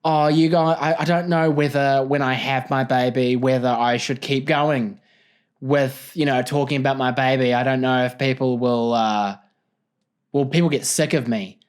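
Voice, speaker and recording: A man's voice: medium pitch, fairly even intonation, normal speed, clean tone, pitched below the performer's own voice, natural voice. Man quoting a blunt, fretful pregnant woman. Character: blunt, self-aware pregnant German woman.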